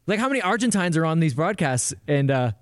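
Wry man with a higher voice, podcast co-host. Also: big pitch swings, normal speed, dry recording, clean studio sound. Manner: hesitant, many fillers and restarts, wry. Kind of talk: casual sports podcast chat.

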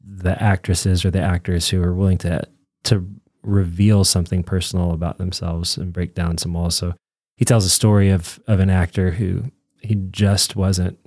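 A man co-hosting a podcast, explaining film scenes in a thoughtful, measured way. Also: deep voice, little pitch movement, darkish tone, no echo, studio quality. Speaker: podcast co-host. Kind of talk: casual film discussion.

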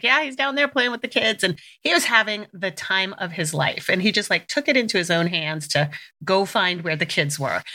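A middle-aged woman hosting a parenting podcast, telling a story in a chatty, candid, animated way and swearing now and then. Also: lowish voice. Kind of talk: casual storytelling monologue.

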